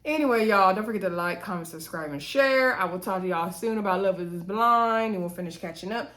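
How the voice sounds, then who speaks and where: A woman's voice: medium pitch, fairly quick, fairly bright tone. A woman casually recapping a reality show, retelling scenes in quoted dialogue with chatty asides. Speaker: TV recap host.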